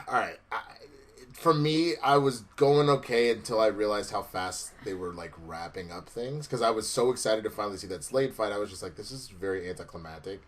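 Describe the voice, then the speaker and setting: A man's voice: fairly low pitch, animated, normal speed. A man co-hosting a casual review chat, laid-back and conversational, swearing freely. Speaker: co-host reviewing a TV episode.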